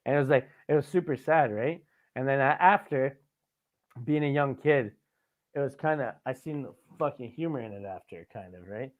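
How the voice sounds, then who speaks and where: This podcast host is a young adult man with a mid-range voice and a moderate pace. In relaxed conversation he tells long-winded, swear-filled stories and laughs along at them, all captured with a tinny, phone-like sound.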